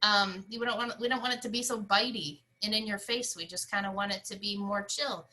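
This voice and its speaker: A woman's voice: mid-range voice, fairly even intonation, brisk, bright, forceful tone, low-quality recording. A woman teaching an online music lesson, explaining rhythms and singing scat syllables to show them.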